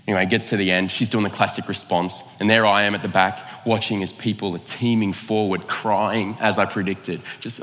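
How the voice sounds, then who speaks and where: A fairly low-pitched man preaching, mixing a personal story with the sermon's point. His delivery is casual and self-mocking, with quick asides and acted-out quotes. The voice carries a long reverb, as from a church hall. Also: a bit bright, a little hiss or hum. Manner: conversational, self-mocking, acts out quoted lines. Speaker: pastor.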